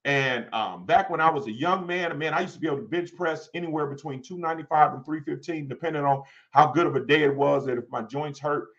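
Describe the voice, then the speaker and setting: A man's voice: on the high side, quick pace, few pauses, lo-fi sound. A man in his forties teaching from the Bible to his congregation, loose and conversational, often checking in with "all right?". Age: 40s. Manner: lively, talks to the congregation, repeats "all right?". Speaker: pastor. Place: church.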